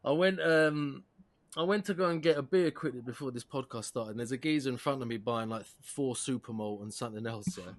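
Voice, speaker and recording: A man in his forties, a podcast host in casual chat, telling a story in an animated, excitable way full of slang. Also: mid-range voice, fairly quick. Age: 40s.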